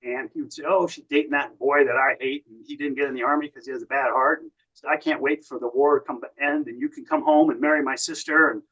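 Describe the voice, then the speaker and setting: An American man tells long, winding stories as a podcast guest. His voice sits at a plain, middle pitch. He keeps slipping into quoted lines from other people as he goes. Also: fairly even intonation, fast, few pauses, a bit bright, breathy edge, muffled recording. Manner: long anecdotal storytelling, quoting others. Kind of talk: casual storytelling.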